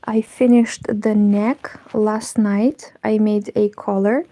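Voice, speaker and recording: A woman hosting a casual knitting livestream from home, chatting with viewers in a soft, partly whispered voice. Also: mid-range voice, flat delivery, takes it slowly, rough recording. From Moldova. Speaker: knitting channel host. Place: home, indoors.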